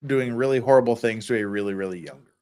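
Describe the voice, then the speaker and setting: A man's voice: medium pitch, fast, a little mellow, smooth. A man hosting a casual legal commentary livestream, reading viewer comments aloud and giving blunt, profane opinions with frequent restarts.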